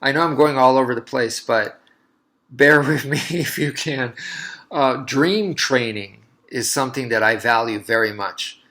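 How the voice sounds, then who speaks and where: A man's voice: mid-range voice, a little slow, pushed and bright. A man, a martial artist, talking casually and telling a long story in a loose, rambling way with many restarts.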